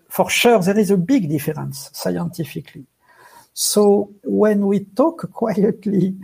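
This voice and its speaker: Slow, soft-spoken man with gravelly voice. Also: high-pitched. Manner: talks slowly and quietly with long pauses, non-native phrasing. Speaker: author and guest.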